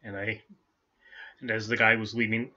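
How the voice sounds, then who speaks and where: A man hosts a daily game playthrough in a loose, rambling chat, amused with himself and aiming for a soothing tone. His voice sits low but comes across forceful and husky. The recording sounds dull and lo-fi. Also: little pitch movement, moderate pace. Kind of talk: casual chat over gameplay.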